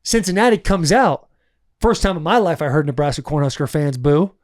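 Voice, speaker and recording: A man's voice: fairly high pitch, brisk. A man co-hosting a podcast, telling stories in casual chat and acting out what people said, cursing freely. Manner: animated storyteller acting out quotes, swears freely. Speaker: podcast co-host.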